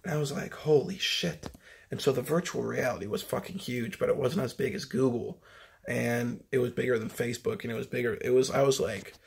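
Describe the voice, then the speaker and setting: A man with a gravelly, slightly husky voice tells a long story in a loose, rambling way. He swears constantly and leans on filler words. His pitch sits in an ordinary middle register. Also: fairly even intonation, a little fast, a little mellow. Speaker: vlogger recounting a dream. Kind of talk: casual storytelling monologue.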